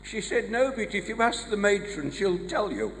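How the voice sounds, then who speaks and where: A man's voice: sits high, expressive, moderate pace. A man with a Black Country accent doing a live stand-up routine, firing off one-liners and short gag stories in a large venue. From English West Midlands. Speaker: stand-up comedian. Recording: live hall reverb, faint noise.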